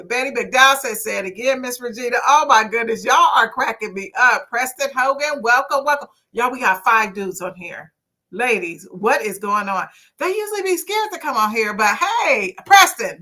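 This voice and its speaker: A woman, hosting a casual livestream talk show and reading viewer comments in an outspoken, preachy way. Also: fairly high pitch. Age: 50s. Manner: outspoken, lively, preachy, swears.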